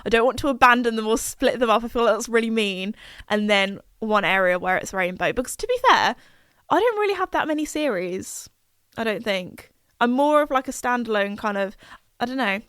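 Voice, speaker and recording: A woman's voice: on the high side, expressive, fairly quick, a bit bright, clear, resonant tone, dry recording, clean studio sound. A young woman, hosting a podcast in a rambling, chatty way full of fillers. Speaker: podcast host. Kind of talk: casual chat.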